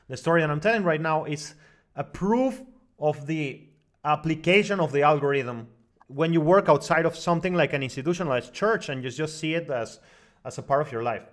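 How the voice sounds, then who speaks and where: A man telling a long personal story as a guest on an online broadcast, talking in animated bursts full of fillers and restarts. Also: a little high. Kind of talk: long rambling personal story in casual discussion.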